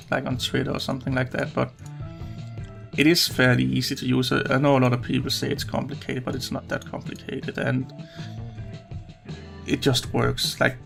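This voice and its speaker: A man talking through a software tutorial in a loose, rambling way, swearing now and then and sounding a little hoarse. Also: mid-range voice. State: slightly hoarse. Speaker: YouTuber explaining recording software. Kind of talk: casual screen-recording tutorial. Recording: background guitar music.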